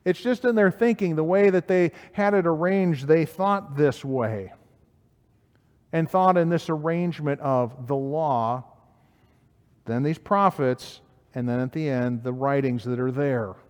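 A man's voice: fairly high pitch, a little slow, darkish tone, big-room sound. A man preaching a sermon, reading scripture aloud and putting questions to his listeners. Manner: reads scripture aloud in King James wording, asks questions of listeners.

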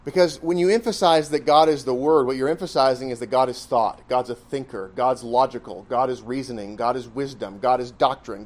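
A man's voice: medium pitch, a little fast, hardly any pauses. A man preaching a sermon, reasoning through his points step by step with emphasis. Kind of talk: sermon teaching.

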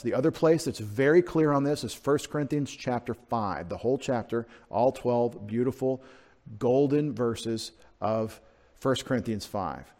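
A male pastor delivers an expository sermon, talking through the text in an easy, conversational way. He lifts his voice sharply for emphasis now and then. The sound carries a long church reverb at a mid pitch. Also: a little mellow. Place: church sanctuary.

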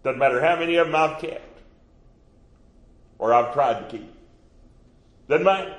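A man preaching a sermon, moving from hushed, quiet asides to loud, stretched-out proclamations. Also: mid-range voice, echoey room. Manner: swings between hushed asides and rising, drawn-out proclamation.

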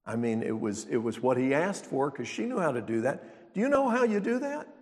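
A man's voice: medium pitch, sing-song, brisk. A man preaching a sermon as pastor, teaching in a conversational way and asking the congregation rhetorical questions. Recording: long reverb of a large hall.

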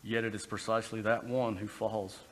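A man's voice: lowish voice, level tone, a little fast. A man giving a conversational sermon, breaking into brief acted quotes. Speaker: preacher. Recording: long reverb in a hall, faint background noise.

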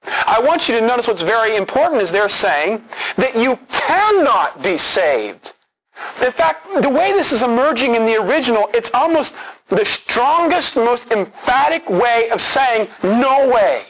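A male preacher with a high voice works through scripture in an earnest sermon. He leans hard on key words and repeats them for emphasis. The sound has the quality of a radio broadcast. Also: animated, moderate pace, fairly bright tone, low-quality recording. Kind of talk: expository sermon.

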